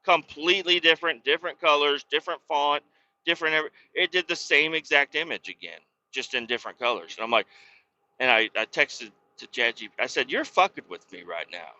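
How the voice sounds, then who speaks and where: A man hosts a podcast and tells his story in a loose, rambling way, with a lot of swearing. His voice is very bright and cutting. The recording sounds dull and lo-fi. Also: fairly high pitch, fairly quick. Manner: profane, storytelling, worked-up. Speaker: podcast host. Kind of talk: casual rambling monologue.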